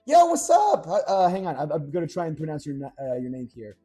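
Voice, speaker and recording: A man's voice: a little high, very animated, a little fast, warm tone. Chatty young man streaming while cooking. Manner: rambling storyteller, talks to chat. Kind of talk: casual live-stream chat while cooking. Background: faint background music.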